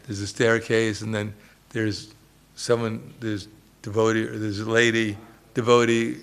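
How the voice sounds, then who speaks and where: A man's voice: on the low side, little pitch movement, a little slow, creaky, fairly bright tone, clean tone. A man giving a religious lecture as a swami, telling humorous stories and chuckling often.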